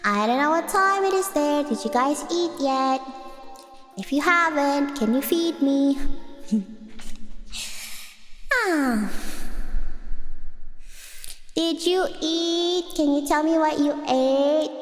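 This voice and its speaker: High-pitched giggly woman with echo effect. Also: takes it slowly, pauses often. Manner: playful and giggly, rambling. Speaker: streamer. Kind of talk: casual chat with viewers. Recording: echoey reverb with faint music.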